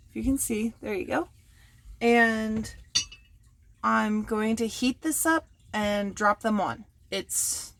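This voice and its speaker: A woman chatting casually and teasing herself while she crafts at home, going quiet when the work gets delicate. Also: a little high. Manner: chatty and self-mocking, drops to a hush while working. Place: home workspace.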